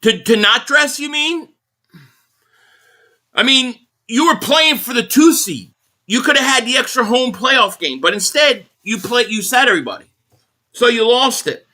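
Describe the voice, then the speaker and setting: A man's voice: very high voice, expressive, a little slow, pushed and bright. A man hosting a live stream, angrily ranting about a football game, swearing bluntly and repeating his points while reading viewer messages. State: angry.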